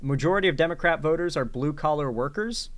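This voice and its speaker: A man's voice: on the high side, expressive, fast. A man hosting a reaction commentary show, talking casually and sarcastically with lots of fillers and restarts. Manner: sarcastic, rambling, with filler words. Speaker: commentary host.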